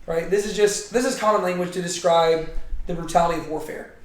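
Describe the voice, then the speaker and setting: A man's voice: high-pitched, brisk. A man teaching a casual Bible study, thinking aloud and often checking in with "right?". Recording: very echoey room.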